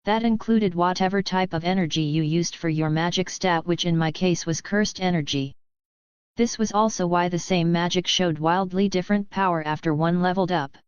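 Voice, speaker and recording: A woman reading a web novel aloud in steady, scripted first-person narration. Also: lowish voice, normal speed, clear, resonant tone, dry recording, dull audio. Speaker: audiobook narrator.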